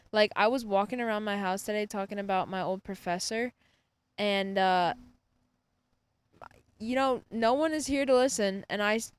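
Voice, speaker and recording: A woman's voice: mid-range voice, clean tone, dry recording. A woman in her twenties hosting a podcast, talking through her day in a rambling, reflective solo monologue full of fillers. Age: 20s. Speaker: podcast host. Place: outdoors in a hammock.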